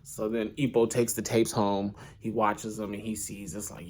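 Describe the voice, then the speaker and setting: A man's voice: lowish voice, measured pace. A young man casually retelling an anime plot in a rambling, slang-heavy way, doing bits of voices. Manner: rambling, slangy, animated storytelling.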